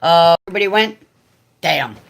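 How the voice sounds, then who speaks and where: A chatty woman with a slightly low voice hosts a casual home livestream. She greets her viewers by name with bubbly excitement. Her phone sits propped up in front of her. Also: moderate pace, gravelly. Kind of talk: casual live chat.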